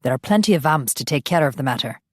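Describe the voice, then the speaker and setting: A woman's voice: a bass voice, expressive, quick pace, no room sound, clean studio sound. A woman voicing a protective male vampire guard, firm and terse.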